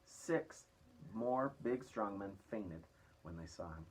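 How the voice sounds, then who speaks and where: A man reading a children's story aloud, lively, with raised voices for the characters. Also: lowish voice, takes it slowly, a little hiss or hum, poor audio. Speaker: reader.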